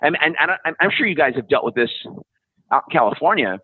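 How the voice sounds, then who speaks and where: A man in his fifties, a podcast guest, ranting bluntly in casual conversation, profane and sarcastic, often mocking people in high-pitched put-on voices. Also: big pitch swings, fast, a little hiss or hum. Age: 50s. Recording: tinny phone-like line.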